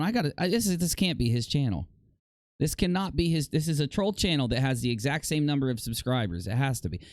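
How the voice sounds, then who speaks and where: A man's voice: dry recording, studio quality. A man hosting a casual livestream, reacting with dramatic mock outrage and repeating himself. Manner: dramatic mock outrage, jumping to loud high shouts. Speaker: livestream host.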